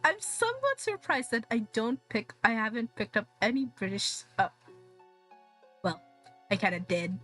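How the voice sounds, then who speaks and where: A woman's voice: a little high, expressive, normal speed, fairly bright tone, faint music behind. A young woman from the Philippines chatting casually on her stream, rambling, swearing a lot and laughing often. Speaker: VTuber streamer.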